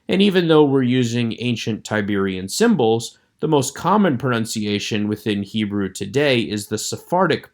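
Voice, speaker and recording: Low-voiced man teaching Hebrew vowels. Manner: measured, explanatory, slows to model vowel sounds. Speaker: Hebrew instructor. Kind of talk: recorded lecture.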